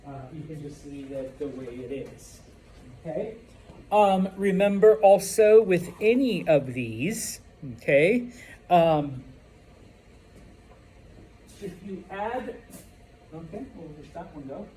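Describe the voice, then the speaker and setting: A man's voice: a little high, lively intonation, slow pace, pauses often, mellow. A male Spanish teacher giving a classroom lesson, explaining patiently and checking in with "okay?" and "all right?".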